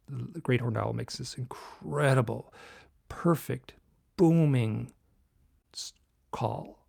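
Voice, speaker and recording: Gravelly-voiced man in his sixties. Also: medium pitch, no room sound, clean studio sound. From Michigan. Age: 60s. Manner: animated storyteller, drops to a whisper for tense moments. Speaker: guest author. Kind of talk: storytelling in a podcast interview.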